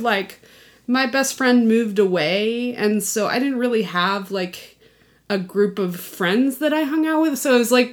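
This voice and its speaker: Hesitant woman podcast co-host, rambling. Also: on the high side. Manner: meandering, hesitant with many fillers. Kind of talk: casual chat.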